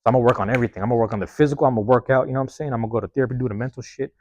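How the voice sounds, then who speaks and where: A man's voice: mid-range voice, fairly even intonation, rapid-fire, darkish tone, dry recording. A man hosting a podcast alone, rambling in a casual, profane monologue and tagging lines with "man", recorded on a phone. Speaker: podcast host.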